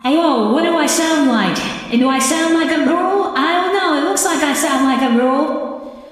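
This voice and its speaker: A man talking through a voice changer filter that makes him sound like a high girlish voice, joking and hammy. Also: normal speed, very echoey, big-room sound, soft background music. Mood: playful. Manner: joking, hammy streamer banter.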